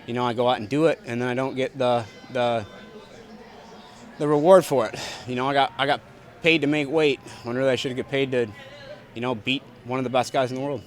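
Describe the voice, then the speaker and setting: Fast-talking blunt profane young man. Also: mid-range voice, steady tone, soft background music. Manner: blunt, profane, rapid and repetitive. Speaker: fighter at post-fight press scrum. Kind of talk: post-fight interview answers. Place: arena backstage press area.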